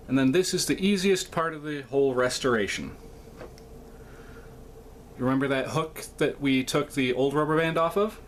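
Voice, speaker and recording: A man hosting a hands-on repair tutorial, explaining each step in a relaxed, folksy way. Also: mid-range voice, slight background noise. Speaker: toy repair host and ventriloquist.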